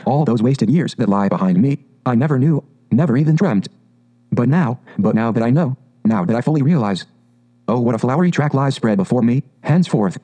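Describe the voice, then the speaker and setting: A man voicing a conceited, car-obsessed male toad who speaks in a dreamy, drawn-out and rapturous way, in a storybook reading. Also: medium pitch, mellow, close to an everyday voice, poor audio.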